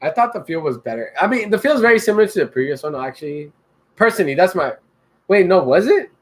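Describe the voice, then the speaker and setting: A young man with a high voice chats on a casual beer podcast. He jokes, laughs a lot and swears freely, always sounding relaxed among friends. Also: quick pace. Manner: joking, laughs often, swears. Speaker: podcast co-host. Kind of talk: casual chat.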